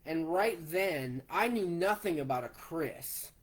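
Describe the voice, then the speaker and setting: A man in his forties recounts a personal story at an unhurried pace. He talks plainly and takes events one step at a time. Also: a little high, expressive. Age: 40s. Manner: slow, plainspoken, retelling step by step. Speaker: vlogger.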